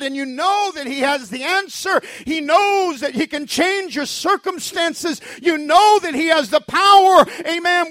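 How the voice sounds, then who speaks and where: A man's voice: very high voice, a bit bright, dry recording, studio quality. A man preaching a sermon in a fervent, emphatic style, asking the congregation rhetorical questions.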